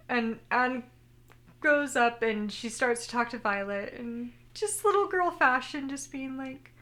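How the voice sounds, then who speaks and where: A woman's voice: high voice, lively intonation, a little slow, fairly bright tone. A woman co-hosting a podcast, chatting casually and retelling anime scenes with animation. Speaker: podcast co-host. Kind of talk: casual chat recapping an anime.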